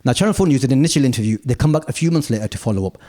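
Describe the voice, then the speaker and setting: A male stand-up comedian telling stories on a large theatre stage, punchy asides building to shouted rants. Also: medium pitch, expressive, very fast.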